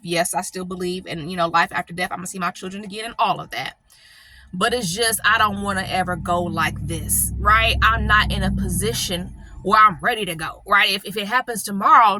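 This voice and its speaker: A middle-aged woman speaks in a personal vlog with a bright, sharp voice. The sound is dry and close. She is emotional and near tears, and she rambles and keeps checking in with "right?" and "you know.". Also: medium pitch, no room sound. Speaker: channel host.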